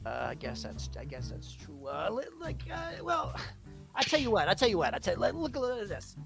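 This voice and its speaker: A man's voice: high voice, wildly swooping pitch, fairly quick, gravelly, over music, heavily acted. A man playing a shady, greedy shopkeeper who talks in a wheedling, stammering way. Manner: wheedling, stammering, full of fillers.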